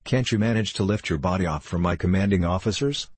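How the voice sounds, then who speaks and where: A man voicing a brave, polite young soldier in a storybook, speaking calmly and firmly. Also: low-pitched, fast, slightly rough, dry recording. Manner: calm, firm and courteous.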